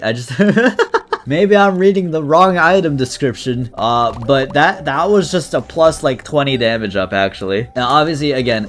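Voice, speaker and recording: A young man giving casual, chatty commentary over a video game, breaking into excited exclamations and quick laughs. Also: mid-range voice. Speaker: gaming YouTuber.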